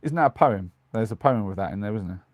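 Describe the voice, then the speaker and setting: This middle-aged British live streamer talks fast and expressively in a lowish voice, with no echo. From his small converted van at night, he reads comments in a casual, rambling chat full of ums and restarts.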